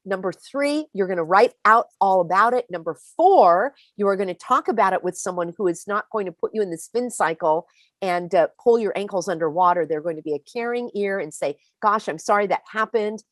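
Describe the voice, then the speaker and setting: A woman hosting a live-stream motivational talk, emphatic and animated, speaking straight to her viewers. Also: mid-range voice, fairly quick, no echo. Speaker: host.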